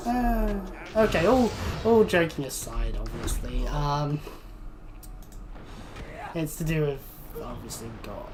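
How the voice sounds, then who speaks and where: A woman's voice: low-pitched, noisy background. A woman livestreaming a game, rambling casually with joking asides to herself while she plays. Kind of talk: casual gameplay commentary.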